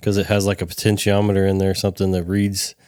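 A man's voice: low-pitched, monotone, fast talker, mellow, no echo, clean studio sound. A man hosting a casual podcast interview, asking rambling questions full of fillers. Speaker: podcast host.

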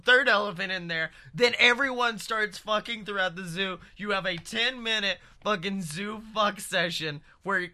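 High, bright man rambling excitably. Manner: rambling, excitable storytelling, heavy swearing. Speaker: podcast co-host. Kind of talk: comedic improvised pitch.

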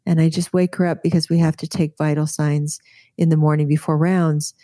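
A woman's voice: deep voice, level tone, brisk, warm tone, dry recording, clean studio sound. A woman physician and author telling a personal story in an interview, earnest and vivid, often restarting her sentences.

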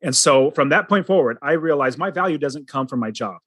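A man's voice: a little high, animated, fairly quick, a bit bright, breathy edge, no room sound. A middle-aged man telling his personal story as a guest, earnest and dramatic, acting out the lines he quotes.

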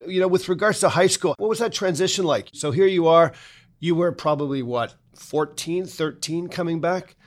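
A man's voice: fairly high pitch, moderate pace. A man hosting an investing podcast, affirming his guest and asking about his past. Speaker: podcast host. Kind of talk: interview.

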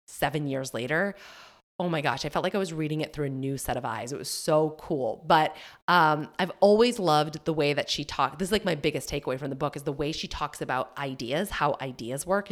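Woman podcast host, low voice, chatty coach energy, lively self-quoting. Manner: animated, acts out her own inner voice in quotes; chatty, with fillers and laughs. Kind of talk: solo podcast talk.

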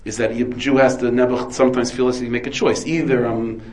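A man's voice: medium pitch, little pitch movement, brisk, darkish tone, poor audio. A man, a rabbi, giving a Torah lecture full of Hebrew terms, asking and answering his own questions. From United States. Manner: dense with Hebrew and Yiddish terms.

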